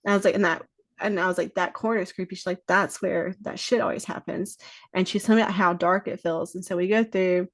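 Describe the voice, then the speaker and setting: A woman's voice: mid-range voice, no room sound. A woman guest on a podcast, telling stories in a casual chat, swearing freely and acting out what people said. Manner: swears freely, acts out quoted dialogue.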